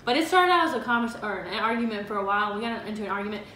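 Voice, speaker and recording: A woman's voice: mid-range voice, lively intonation, very fast, sharp tone. A woman co-hosting a faith-based couple's vlog, talking earnestly and chattily with frequent fillers. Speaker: co-host of a couple's channel. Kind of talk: casual faith-based advice chat. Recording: roomy echo, faint background noise.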